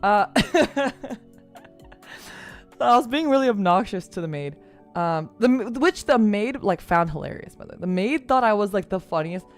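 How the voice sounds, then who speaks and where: A woman's voice: mid-range voice, normal speed. Young woman, casual storytelling, laughs a lot, swears, faint music underneath. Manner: animated, laughing, swears freely. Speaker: streamer.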